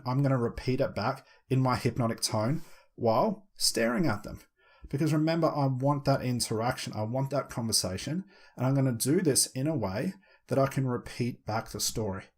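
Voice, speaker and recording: A man coaching students in conversational hypnosis, repeating his points and dropping into a slow, soothing hypnotic voice for demonstrations. His tone is husky and slightly breathy at an ordinary male pitch. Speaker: hypnosis trainer. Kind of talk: instructional talk with spoken demonstrations.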